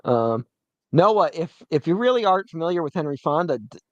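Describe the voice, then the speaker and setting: A young man co-hosting a movie podcast, rambling and animated as he tells stories. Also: fairly high pitch, brisk, no echo, muffled recording. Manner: rambling, animated storytelling with laughs. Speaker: podcast co-host. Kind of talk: casual movie commentary chat.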